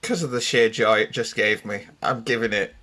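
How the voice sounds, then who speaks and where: A man co-hosting a casual podcast, cracking quick jokes. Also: lowish voice, sharp tone. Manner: quick-witted, joking. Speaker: podcast co-host.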